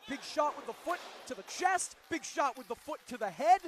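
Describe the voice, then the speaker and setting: A man calls live pro wrestling with a strikingly high voice. He gets excitable and shouts out the big moves. Faint ambience sits behind him. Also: moderate pace, a little hiss or hum. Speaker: wrestling play-by-play commentator.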